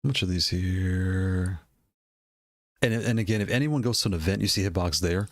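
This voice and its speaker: Laid-back rambling man, low voice. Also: normal speed, dry recording, studio quality. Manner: rambling, laughs often, repeats himself. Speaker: gaming hardware video creator. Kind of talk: casual product talk while browsing.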